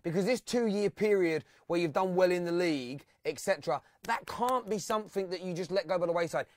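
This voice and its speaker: Excitable man hosting a phone-in. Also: high-pitched, brisk, dry recording. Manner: excitable, reads out fan comments and stats. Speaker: host of a football phone-in. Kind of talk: live fan phone-in chat.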